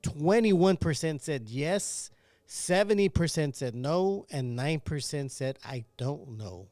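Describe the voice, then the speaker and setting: Brisk male producer, slightly high voice, dry mic. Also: animated, a little mellow, no echo. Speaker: podcast producer reading poll results. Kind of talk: casual podcast chat.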